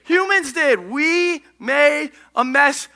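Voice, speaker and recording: A male pastor giving an energetic, conversational, jokey sermon in a church. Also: very high-pitched, slow pace. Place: church stage.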